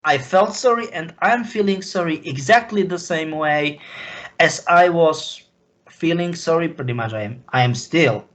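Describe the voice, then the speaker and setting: A man from Slovakia, speaking as an interview guest in a halting, impassioned way. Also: fairly high pitch, animated, fairly bright tone, rough recording. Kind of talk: emotional interview talk.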